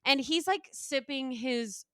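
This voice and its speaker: A young woman co-hosting a podcast, telling a story in casual chat, animated and swearing freely as she acts out quotes. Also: high voice, slow pace, clear, resonant tone, no room sound, clean studio sound. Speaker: podcast co-host.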